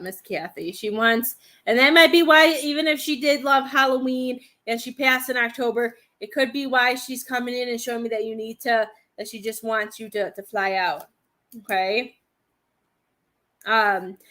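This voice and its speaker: A woman with a high, slightly bright voice hosts a live-stream psychic reading. She sounds hesitant, thinking aloud as she addresses viewers by name.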